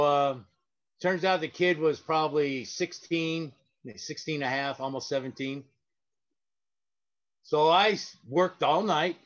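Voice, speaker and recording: Man, guest storyteller, higher-pitched, rambling and filler-heavy; dull recording. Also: fairly bright tone. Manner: rambling, with frequent fillers and restarts. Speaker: guest, parking lot sweeper. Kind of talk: casual anecdotal storytelling.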